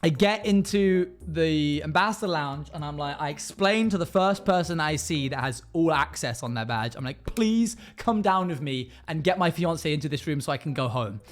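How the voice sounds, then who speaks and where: A man's voice: a little high, expressive, normal speed, few pauses, faint music behind. A man streaming live, telling a story to his chat in a casual way and acting out the other people in it.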